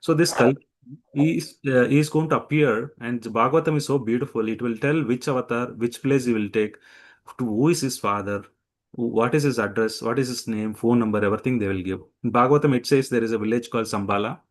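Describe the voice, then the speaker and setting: A man's voice: medium pitch, fairly quick. A male teacher explaining scripture from slides with a midrange voice. He tells stories animatedly and acts out quotes. He often stops to restart sentences, with many fillers. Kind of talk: devotional scripture talk with slides.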